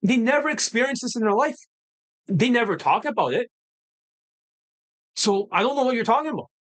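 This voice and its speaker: Over a low-quality recording, a man with a very high-pitched voice talks fairly quickly as he hosts a dating-coach livestream. The unscripted rant is blunt, profane and combative, with excitable energy that repeatedly rises into heated outbursts.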